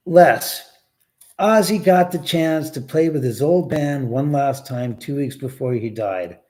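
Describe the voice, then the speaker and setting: A man's voice: fairly high pitch, unhurried, a little mellow. A man hosting a casual livestream from his house, rambling and swearing freely as he talks to his dog and answers viewers. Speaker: livestream host. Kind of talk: casual live-stream chat.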